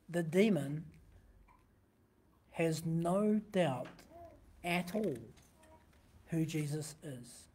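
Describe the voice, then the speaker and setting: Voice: mid-range voice, lively intonation, takes it slowly, pauses often, mellow, breathy edge. A pastor giving a sermon, teaching conversationally from a printed text and often asking the listeners rhetorical questions.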